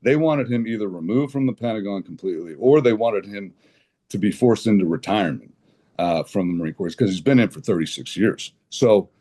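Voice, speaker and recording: A man guesting on a podcast, telling an animated, indignant story with blunt language and frequent restarts. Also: lowish voice, fairly quick. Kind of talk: conversational podcast interview.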